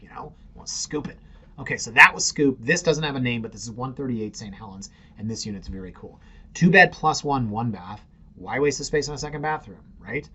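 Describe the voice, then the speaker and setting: A man's voice: medium pitch, fairly bright tone, muffled recording, slight background noise. A middle-aged man, hosting a casual, opinionated commentary on real estate listings with sarcastic, muttered asides. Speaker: real estate agent host.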